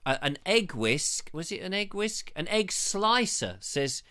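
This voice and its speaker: A man's voice: sits high, very animated, measured pace, pushed and bright, smooth. Chatty man hosting a live show. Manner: chatty and jokey, reads comments aloud with quips. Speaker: host of a live online show. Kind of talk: live chat reading viewer comments. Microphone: lavalier mic.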